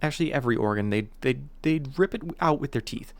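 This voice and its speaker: A man putting on a high mock-Irish storyteller. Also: expressive, fast talker, no room sound, lightly acted. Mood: theatrical. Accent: put-on Irish. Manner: theatrical, sing-song storytelling. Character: high-pitched mock-Irish man spinning a dramatic tale.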